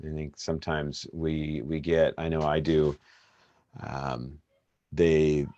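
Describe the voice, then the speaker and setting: Low-voiced man giving a rambling devotional. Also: dry recording. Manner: relaxed, rambling with many fillers and restarts. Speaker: pastor hosting a Bible study. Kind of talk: casual devotional talk.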